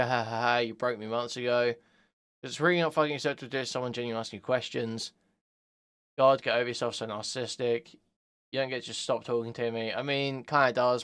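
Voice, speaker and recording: A man reading out text messages and commenting on them sarcastically, swinging from mocking shouts to low mutters. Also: clear, resonant tone. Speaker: commentary youtuber.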